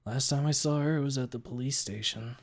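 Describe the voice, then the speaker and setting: A man voicing a gruff tailed young creature. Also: mid-range voice, a little fast, natural voice. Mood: subdued. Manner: growling, blunt, swears casually. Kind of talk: read-aloud story voicing.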